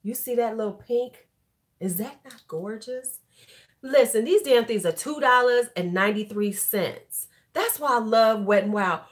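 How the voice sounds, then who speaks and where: Tipsy middle-aged woman, loud and chatty beauty vlogger, swears easily. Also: fairly high pitch, unhurried. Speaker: beauty YouTuber. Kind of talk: casual livestream chat.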